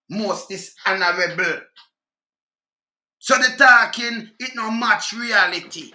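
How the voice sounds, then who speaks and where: A man's voice: sits high, sharp tone, reverberant. A man with a Jamaican accent in an angry, profane rant reacting to clips. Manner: heated, profane, scolding.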